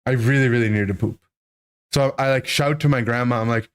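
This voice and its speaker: A man in his thirties, a streamer, telling a childhood story to his chat in an animated, rambling way, full of "right?" and "like". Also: medium pitch, fast talker, clear, resonant tone. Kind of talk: casual storytelling to a live chat.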